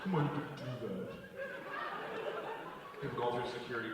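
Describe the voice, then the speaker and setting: A man in his forties doing a live stand-up routine, ranting with heavy profanity and bursting into shouts. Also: mid-range voice, animated, brisk, very noisy. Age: 40s. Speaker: stand-up comedian. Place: theater stage before a laughing audience. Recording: roomy live hall from a distance, crowd laughter.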